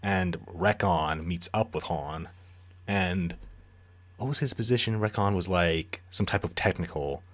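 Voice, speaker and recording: In a low, unhurried voice with a fairly bright tone, a male podcast co-host recaps a book's plot. His discussion is loose, casual and profane.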